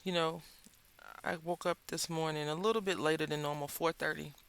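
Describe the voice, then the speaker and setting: A woman's voice: deep voice, fairly even intonation, a little fast, clean tone. A woman with a Southern American accent, hosting a craft video and chatting in a rambling, storytelling way as she works at her craft table. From Southern United States. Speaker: craft channel host. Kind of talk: casual chat while crafting.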